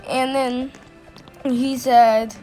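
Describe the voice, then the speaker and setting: A woman telling a personal story in a casual storytime, halting often with restarts and fillers. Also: high-pitched, flat delivery, dark tone, faint music behind.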